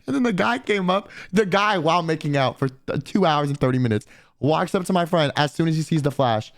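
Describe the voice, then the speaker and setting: Young man, casual streamer chat, profane and slangy, lively swooping pitch, fairly high voice. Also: fairly quick. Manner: animated, profane, slangy, quoting people in voices.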